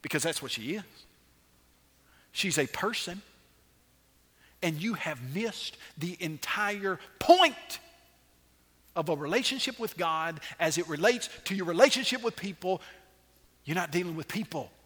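A male pastor preaching an animated sermon with dramatic pauses and rhetorical questions. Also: high-pitched, husky, long reverb tail.

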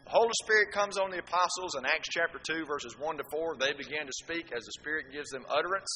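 Bright-voiced man preaching in a hall. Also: a little high, fast talker. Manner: lively, full of rhetorical questions and asides to the congregation. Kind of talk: sermon. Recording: echoey hall with faint background noise.

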